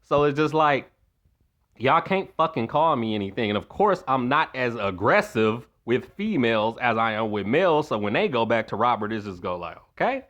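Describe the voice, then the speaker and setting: Profane, animated man ranting on stream. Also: mid-range voice, normal speed, lo-fi sound. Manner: profane, blunt, animated, acts out quoted voices. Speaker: streamer telling a story to his chat. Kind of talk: casual storytelling rant.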